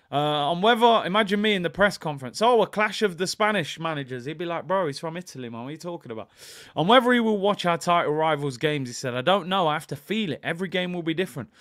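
A man hosting a casual football reaction video, reading quotes calmly and breaking into excited, jokey asides. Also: fairly high pitch, dry recording, studio quality. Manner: reads quotes in a calm, even tone, then bursts into excited, jokey asides. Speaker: fan channel host.

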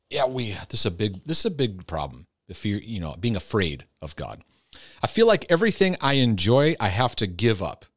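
A man's voice: medium pitch, dry recording, studio quality. A man answering viewer questions in a casual, earnest and direct way, often restarting his sentences. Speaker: Christian mental health teacher answering viewer questions.

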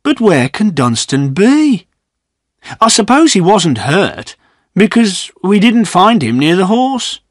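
A man's voice: sits high, very animated, slow, no room sound, studio quality, voice pushed up, exaggerated voice. A man voicing a plain-spoken country neighbour in an audiobook, matter-of-fact as he delivers bad news. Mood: grave. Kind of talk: graded-reader audiobook reading.

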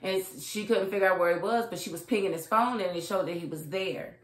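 A woman's voice: on the low side, a little fast. A woman giving a casual, outspoken recap and review of a TV episode, acting out the characters' lines as she goes. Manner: chatty, acts out characters' lines; colloquial, outspoken. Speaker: TV show reviewer. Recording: roomy echo.

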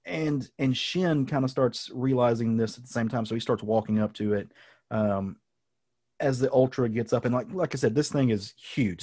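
Man, podcast host, low husky voice, dry close sound, rambling casual recap. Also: darkish tone, dry recording. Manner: rambling storyteller, lots of ums and asides. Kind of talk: casual comic book recap.

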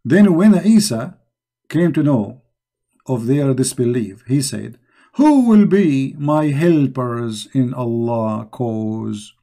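A man's voice: mid-range voice, animated, takes it slowly, warm tone. A man hosting a live religious debate stream, mocking and emphatic, repeating rhetorical questions into a computer mic. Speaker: debate show host.

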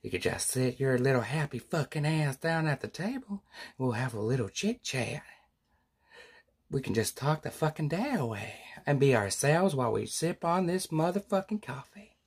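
A man playing a falsely friendly male neighbor who talks softly but swears. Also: mid-range voice, sing-song, normal speed, slightly rough. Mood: falsely sweet. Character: passive-aggressive male neighbor, sweetly profane.

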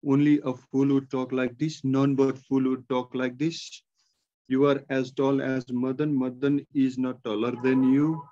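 A male teacher with a Nepali accent reads example sentences aloud in a measured, word-by-word way for students to copy. His voice sits in a middle pitch, and the recording sounds muffled and lo-fi, like a basic online class. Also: little pitch movement, warm tone. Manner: slow, measured dictation, repeating sentences word by word. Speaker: English teacher. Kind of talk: exam-prep grammar lesson.

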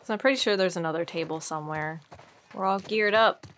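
A woman's voice: mid-range voice, brisk, fairly bright tone, slight background noise. A woman giving casual let's-play commentary, chatty and giggly, thinking aloud as she plays. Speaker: gaming streamer.

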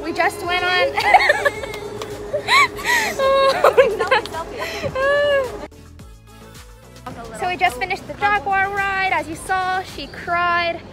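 Squeaky high young woman vlogging on her phone at a theme park, giggly, music playing around. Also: slow pace, long pauses. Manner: giggly, chatty, lots of "like". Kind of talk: casual vlog chat. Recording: loud crowd and music noise.

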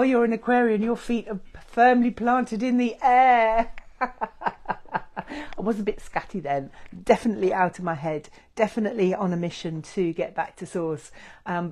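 A woman leading a guided meditation with chanting, gentle and effusive, with many fillers. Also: fairly low pitch.

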